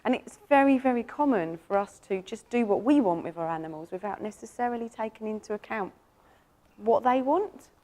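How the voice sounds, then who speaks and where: An animal communicator, giving a lively, enthusiastic presentation and telling stories about pets to an audience. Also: female voice. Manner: animated, enthusiastic storytelling with sudden jumps up in pitch.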